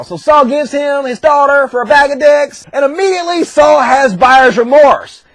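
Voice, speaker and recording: A man retelling a story as crude, profane comedy, slipping into shouted character voices. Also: very high-pitched, moderate pace, few pauses, no echo. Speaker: comedic narrator.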